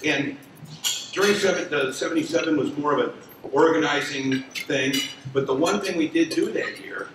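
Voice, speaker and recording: A man's voice: fairly high pitch, moderate pace. A man in his sixties reminiscing at an association event, rambling and conversational with many fillers and restarts. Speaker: lawyer telling a story at an association event. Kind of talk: spoken reminiscence to an audience. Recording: echoey room from far off, dinner noise. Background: clinking cutlery and dishes.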